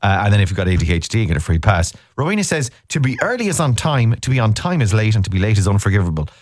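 A man's voice: fairly low pitch, big pitch swings, racing, dry recording, studio quality. A man in his thirties hosting a radio show, chatting casually with a co-host in a rambling, teasing way. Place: radio studio. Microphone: studio microphone.

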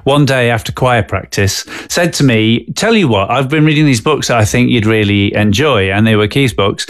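A man's voice: medium pitch, normal speed, dry recording. Chatty English man with a dry close sound. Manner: chatty, self-interrupting with frequent restarts and fillers. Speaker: interview guest, TV writer-director. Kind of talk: casual interview chat.

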